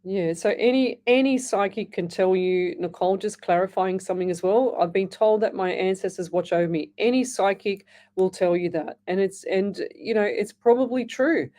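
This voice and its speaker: On a live psychic radio show, a middle-aged Australian woman works as a medium host, reading listener messages aloud and answering them in a rambling, chatty way. Her voice is warm and medium-pitched, at a normal speed with hardly any pauses, and she often restarts sentences and calls people "lovey."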